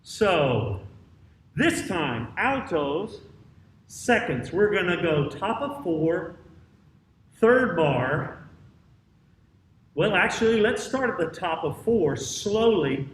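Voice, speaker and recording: A man directing a choir rehearsal, counting off, singing out parts and giving brisk instructions in a rehearsal room with a piano. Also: high voice, very animated, slight background noise. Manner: brisk counting and sung demonstrations. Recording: roomy, distant mic with piano.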